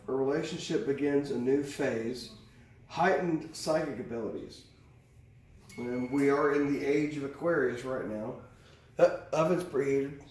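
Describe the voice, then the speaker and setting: A man's voice: a little high, darkish tone. A man giving a casual, rambling tarot reading, candid and swearing freely, recorded at a distance in a very echoey room. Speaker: tarot reader. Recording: very echoey room, distant mic, faint hiss.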